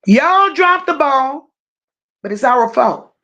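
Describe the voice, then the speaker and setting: The recording is muffled, but the host's voice comes through high-pitched, a little bright, and lively in intonation. She's ranting confrontationally on her true-crime livestream, leaning into stressed words and breaking off to thank chat viewers.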